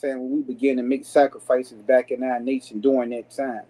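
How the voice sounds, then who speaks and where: A man teaching an informal scripture class in African American Vernacular English, his voice dark and mellow at a middle pitch. He talks casually, checking in with his listeners again and again. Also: level tone, fairly quick, hardly any pauses, rough recording. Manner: casual street-style speech with many "you understand" fillers.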